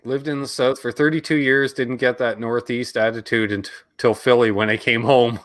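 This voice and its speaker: A man's voice: mid-range voice, fairly even intonation, moderate pace, a bit bright. A middle-aged Canadian man co-hosting a live guitar stream, chatting casually and reading out viewer names.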